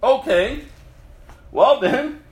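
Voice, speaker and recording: Impassioned male preacher, measured delivery, echoey room. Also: very high-pitched, lively intonation. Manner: impassioned, laughing between lines. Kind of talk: sermon with scripture reading.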